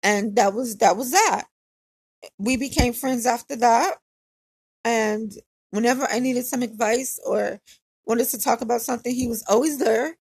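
Woman, casual storyteller, candid and repetitive, slightly high, husky voice, dry close sound. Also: unhurried, dry recording. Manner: candid, conversational, repeats phrases for emphasis.

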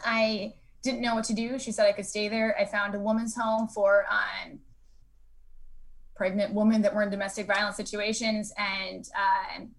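A woman telling her own story in a frank, conversational way, full of fillers and lively acted-out quotes. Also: medium pitch, normal speed, creaky. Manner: acts out quoted people with lively voices. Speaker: speaker sharing a recovery story. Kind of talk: candid personal storytelling.

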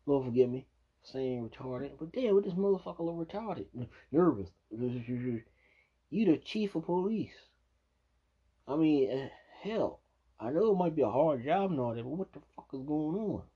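A man's voice: on the high side, expressive, normal speed, slightly rough. A man angrily reacting to news clips, swearing and ranting in a dull lo-fi recording. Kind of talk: profane reaction commentary.

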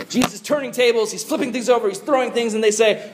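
A man preaching a youth sermon, animated and conversational, acting out the people he quotes. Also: extremely high pitch, fast talker, noisy background. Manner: animated, acts out quoted voices; conversational with fillers like "like". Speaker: youth pastor.

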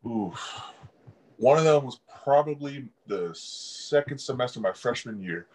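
With a mid-range voice, a young adult college football player tells casual stories at an unhurried pace, animated and laughing often throughout the interview. The audio is poor.

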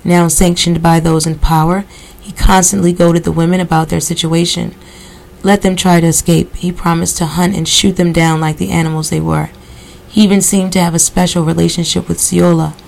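A woman podcast host reading a novel aloud at a steady pace, breaking off now and then for casual asides. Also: lowish voice, normal speed, creaky, rough recording. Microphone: computer recording software.

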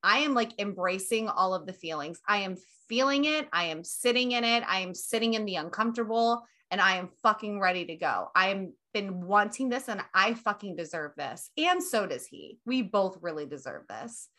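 A young woman talks on her podcast in a loose, casual chat, her voice bright and forward. She gushes and leans hard on her words, dropping swear words freely as she goes. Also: mid-range voice, expressive, normal speed, hardly any pauses. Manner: gushing, emphatic, swears freely. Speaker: podcast host.

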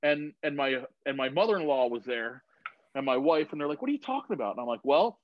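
A man's voice: medium pitch, big pitch swings, fast. A man in his thirties telling stories in a casual chat in his home garage, swearing freely and acting out the voices of people he quotes. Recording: dull, slightly lo-fi sound.

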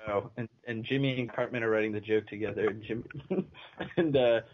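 A man's voice: lowish voice, fairly even intonation, fairly quick, dull audio. A man co-hosting a casual podcast chat, laughing often as he retells scenes. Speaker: podcast co-host.

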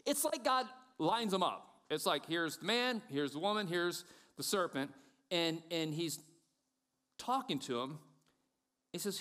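A middle-aged man preaching a sermon, animated and self-mocking, acting out the voices he quotes. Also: a little high, a little slow. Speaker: pastor.

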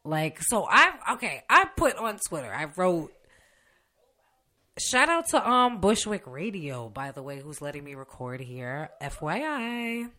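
A young woman on her podcast, talking unedited and straight off the cuff. She has a bright, sharp voice, swears constantly, and laughs in the middle of her own sentences. She is recorded in a radio station studio. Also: on the low side, sing-song, a little slow. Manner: heavy swearing, blunt and opinionated, laughs mid-sentence. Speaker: podcast host. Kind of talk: unedited casual rant.

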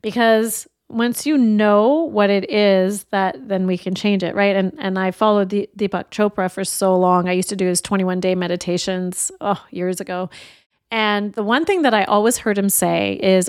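A woman's voice: mid-range voice, steady tone, normal speed, darkish tone, no room sound, clean studio sound. A middle-aged woman life coach giving an earnest, reflective motivational talk and sharing personal stories openheartedly. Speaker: life coach and podcast host.

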